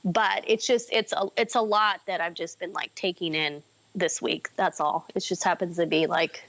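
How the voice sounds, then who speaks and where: A woman's voice: lowish voice, fairly even intonation, moderate pace, fairly bright tone. A woman in her forties talking candidly and emotionally as a podcast guest, rambling with many fillers. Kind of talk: casual, candid conversation.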